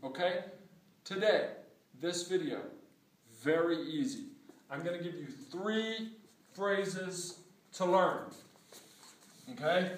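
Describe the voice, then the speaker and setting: A high-voiced man gives a Spanish lesson, speaking slowly and with emphasis. He repeats each phrase for drilling. The voice sounds far off in a very echoey room. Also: a little hiss or hum. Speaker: Spanish teacher. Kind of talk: spoken language lesson.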